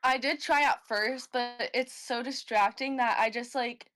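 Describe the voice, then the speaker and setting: A woman's voice: a little high, steady tone, measured pace, fairly bright tone. A young woman being interviewed over a call. She is easygoing and giggly and calls herself a hyper person. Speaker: guest, former reality-show contestant.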